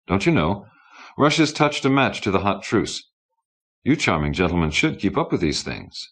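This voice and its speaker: Male reader voicing a sour ex-starlet, deep and bossy, haughty. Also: very animated, normal speed, a bit bright, slightly rough, heavily acted. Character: sour, scornful fading female entertainment star.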